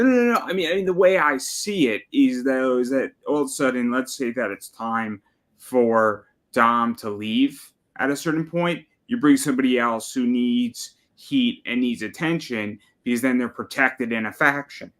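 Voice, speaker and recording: A man's voice: medium pitch, normal speed, fairly bright tone. Laid-back man talking wrestling strategy. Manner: analytical, laid-back, agreeable. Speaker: podcast co-host. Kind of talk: casual wrestling chat.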